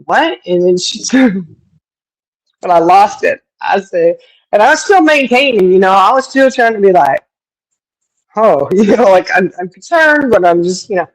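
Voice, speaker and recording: A woman chatting casually on a talk stream, spinning a story with frequent laughter. She jumps her pitch up when she quotes other people and drops in folksy sayings. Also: lively intonation, normal speed, rough recording. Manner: mimics others with raised pitch. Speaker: podcast co-host. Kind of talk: casual chat.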